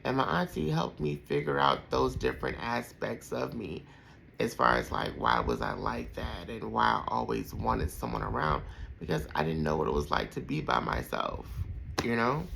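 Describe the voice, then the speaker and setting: Podcast host, male, 30s, heavy vocal fry, animated pitch, heartfelt rambling storyteller. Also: moderate pace, slight background noise, poor audio. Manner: heartfelt, rambling with many fillers. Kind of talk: personal reflective storytelling.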